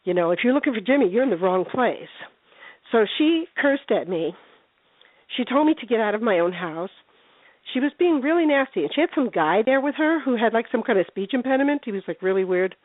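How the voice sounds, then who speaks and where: A woman's voice: fairly high pitch, animated, a little fast, no room sound. Older lady on a phone call, chatty, does voices while telling her ghost stories, tinny line. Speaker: paranormal investigator guest. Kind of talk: casual phone interview storytelling.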